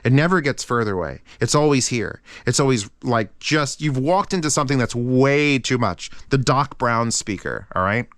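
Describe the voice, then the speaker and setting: A man hosting a casual review channel, talking in an excitable, rambling way with lots of swearing. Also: mid-range voice, moderate pace, hardly any pauses, no room sound, studio quality.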